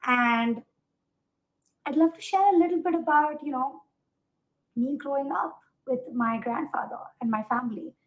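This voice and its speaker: Podcast guest, woman in her thirties from India, animated storyteller, fairly high voice. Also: normal speed, pauses often, muffled recording. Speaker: guest, accessibility product manager.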